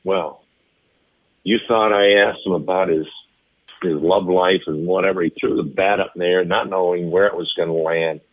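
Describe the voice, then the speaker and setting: A man in his seventies, a retired ballplayer, telling anecdotes in an interview with lively, animated delivery. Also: deep voice, normal speed, phone-quality sound. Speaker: interview guest, retired baseball player. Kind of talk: storytelling interview.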